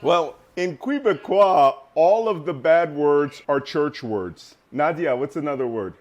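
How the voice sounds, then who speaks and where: A man guest in a casual interview, telling lively stories and laughing often. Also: a little high, measured pace, highs cut off. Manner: animated storyteller, laughs often.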